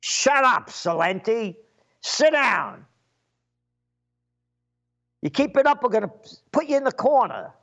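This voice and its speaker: A man's voice: very high voice, sing-song, takes it slowly, long pauses, fairly bright tone, voice pushed up, heavily acted. A man putting on the voice of a stern male schoolteacher who scolds a pupil, on a muffled, lo-fi recording. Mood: scolding.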